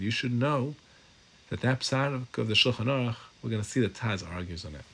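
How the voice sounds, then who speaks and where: A man teaching a class on Jewish law, lively and informal, mixing English with Hebrew and Aramaic terms and acting out little voices for his examples. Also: medium pitch. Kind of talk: animated Torah class lecture.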